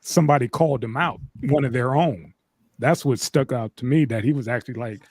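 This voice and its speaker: A man's voice: medium pitch, fairly quick, darkish tone, breathy edge, dry recording. A man co-hosting a podcast, chatting casually and acting out what other people said as he tells a story. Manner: storytelling, acts out others' lines. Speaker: podcast co-host. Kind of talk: casual chat.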